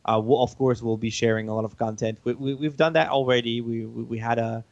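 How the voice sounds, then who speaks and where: A man's voice: medium pitch, steady tone, no echo, highs cut off. French-native man, dry close sound. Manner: halting, explanatory, chuckles often. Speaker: game developer. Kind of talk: casual interview.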